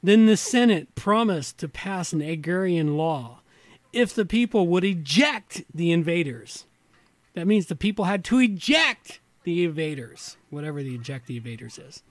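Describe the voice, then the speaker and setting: A man with a high-sitting, animated voice speaks at a moderate pace in a dry recording. Hosting a relaxed livestream while a bit tipsy, he reads passages from an old reference book and mutters rambling asides in between.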